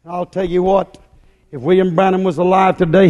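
A man delivers a fiery sermon in a high, ringing voice. He drives each point home with emphatic repetition. His words ring out with a long reverb through a church hall. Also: little pitch movement, fairly quick, a little mellow, lo-fi sound. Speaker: preacher.

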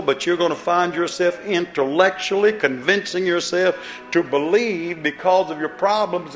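A man's voice: sits high, roomy sound. A man preaching a fiery sermon, pleading and throwing rhetorical questions at the congregation.

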